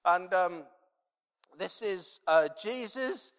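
A man's voice: high-pitched, expressive, slow pace, a bit bright. A man preaching a sermon and telling a personal story in a conversational, rambling way, with many fillers. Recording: long reverb in a large hall.

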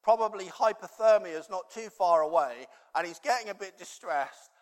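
High-voiced man preaching in a reverberant hall. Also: lively intonation, normal speed. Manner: rambling, conversational, many fillers. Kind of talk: sermon with personal storytelling. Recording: long reverb in a large hall.

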